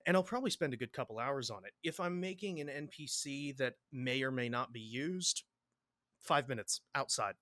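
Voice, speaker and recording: Bright-voiced rambling man, podcast guest. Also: mid-range voice, expressive, brisk, dry recording, clean studio sound. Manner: rambling, repeats words, laughs often. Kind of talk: casual interview chat.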